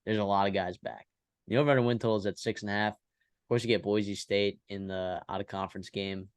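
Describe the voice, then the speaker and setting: A man co-hosting a sports podcast, casually and briskly leading into each new topic. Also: on the low side, little pitch movement, smooth, no echo, clean studio sound. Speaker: podcast co-host.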